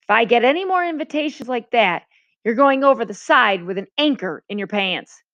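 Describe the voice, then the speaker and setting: An angry ship's mate hurls threats at a boy, his voice pushed high and strained, put on by a woman reading aloud. The storybook reading sounds dry and dull, with no room around it. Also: lively intonation, normal speed, fairly bright tone, no echo. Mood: furious. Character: furious gruff ship's mate, grown man. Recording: dull lo-fi recording.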